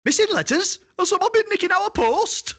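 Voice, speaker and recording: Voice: very high-pitched, big pitch swings, normal speed, fairly bright tone, heavily acted. A performer playing a chatty, proud mum who mishears every word, in a comedy sketch.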